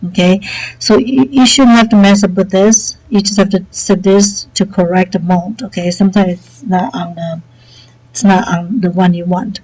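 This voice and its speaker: A woman teacher with a headset mic walks students through software setup in a relaxed, chatty way, saying okay often. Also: medium pitch, moderate pace, poor audio. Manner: relaxed and chatty, many okays and fillers. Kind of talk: screen-recorded software tutorial.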